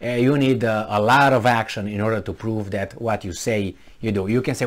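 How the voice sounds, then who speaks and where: A man's voice: lowish voice, fairly quick. A man with a Romanian accent giving a casual commentary monologue, acting out little scenes with sound effects and quoted voices. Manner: animated storytelling with sound effects and acted-out quotes. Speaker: commentary vlogger.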